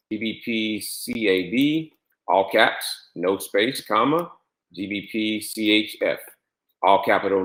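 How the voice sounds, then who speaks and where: A man with a fairly low voice walks through a software setup. He repeats key steps and spells out letters one by one. His voice echoes around the room. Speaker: trading software instructor. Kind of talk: screen-share tutorial walkthrough.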